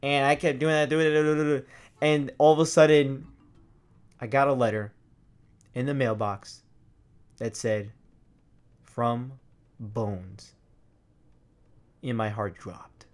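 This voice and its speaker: A young man hosting a gaming vlog, telling a story in a loose, swearing way and acting out his old reactions with sudden loud, high bursts. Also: takes it slowly, long pauses. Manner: animated, swears freely, acts out his past reactions in loud high outbursts. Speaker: gaming video host.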